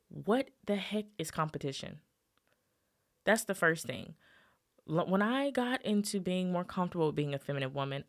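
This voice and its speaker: A young adult woman hosting a solo podcast, talking casually and animatedly to her listeners. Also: medium pitch. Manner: chatty, animated, addresses listeners as "y'all", ranting with laughs. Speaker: podcast host.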